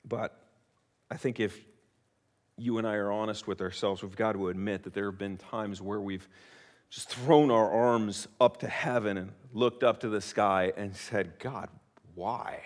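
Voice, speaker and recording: A man's voice: lowish voice, steady tone, a little slow, in a large hall. A man preaching a sermon, acting out the voices of disciples and doubters as he speaks. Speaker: pastor.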